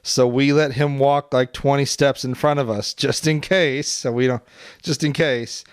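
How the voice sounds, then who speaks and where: A man recounts a party story on a casual podcast, loose and full of fillers. His voice is smooth and clear, recorded dry and close. His pitch is ordinary. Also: fairly even intonation, a little slow, dry recording.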